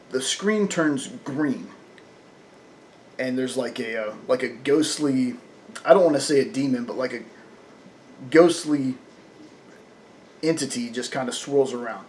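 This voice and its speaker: A man's voice: mid-range voice, darkish tone. A man reviewing a comic book in casual talk, chatty and full of fillers, often laughing.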